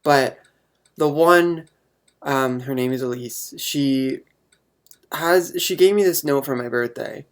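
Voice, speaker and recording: A young man answering viewer questions to camera, halting and full of ums, earnest and openly emotional. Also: medium pitch. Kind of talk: casual chat to camera.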